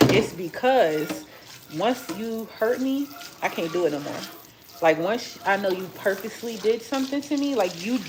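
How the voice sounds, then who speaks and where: A woman chatting casually with her livestream viewers while she cooks in a home kitchen. She tells stories in an animated way, acts out what people said, and curses freely. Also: medium pitch, noisy background. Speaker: vlogger chatting with live viewers.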